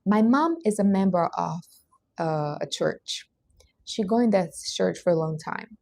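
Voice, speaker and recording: A woman's voice: fairly low pitch, a little slow, creaky, warm tone. A woman from Brazil, hosting a casual livestream in a blunt, emphatic, motivational way. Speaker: livestream host.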